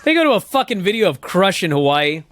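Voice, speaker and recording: A man co-hosts a casual podcast, blunt and profane, with an exasperated edge. His voice is fairly high and swings widely in pitch. The recording is close and dry. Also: big pitch swings, fast, fairly bright tone, no room sound. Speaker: podcast co-host. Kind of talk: casual chat.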